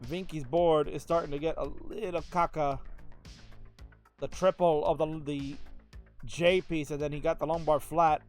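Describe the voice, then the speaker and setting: A man's voice: a little high, clear, resonant tone. Joking male esports commentator, faint music. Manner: playful, joking, rambling play-by-play.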